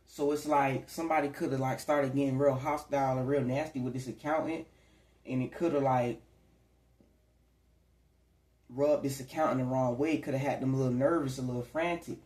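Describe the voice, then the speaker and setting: Speaking at medium pitch with fairly even intonation and a moderate pace, a man gives a wandering tarot reading to camera. His tone is darkish, his manner conversational with bits of acted-out quotes, and the room sounds echoey.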